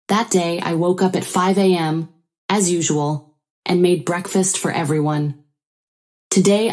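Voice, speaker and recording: A woman narrating her own story in the first person, in an even, plain storytelling manner. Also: lowish voice.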